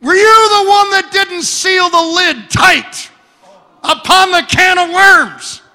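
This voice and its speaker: A male preacher voicing his shrill, scolding wife in a sermon story. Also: takes it slowly, bright, forceful tone, in a large hall, full character voice.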